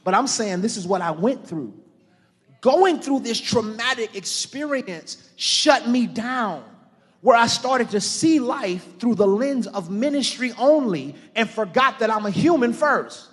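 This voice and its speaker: A middle-aged man preaching a sermon to a church congregation, building to shouted fervor and calling out to the crowd. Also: very high voice, expressive, a little slow, breathy edge. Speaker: pastor. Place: large church hall. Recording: live church sermon with long hall reverb.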